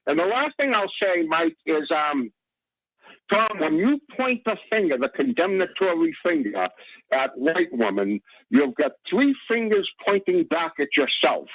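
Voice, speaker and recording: A male caller rambles through a radio call-in, stumbling over words and restarting sentences again and again. His voice sits high and swings widely in pitch. The line is dry and muffled, like a lo-fi phone. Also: big pitch swings, unhurried, fairly bright tone, dry recording. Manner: rambling, stammering, many restarts. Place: Boston area.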